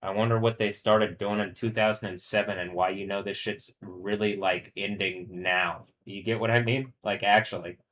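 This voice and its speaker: A man rambles through a casual live stream, swearing and stopping to restart his sentences. His voice sits on the low side with a sharp, bright edge. He reads news aloud and trips over unfamiliar words. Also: steady tone, normal speed, few pauses, a little hiss or hum.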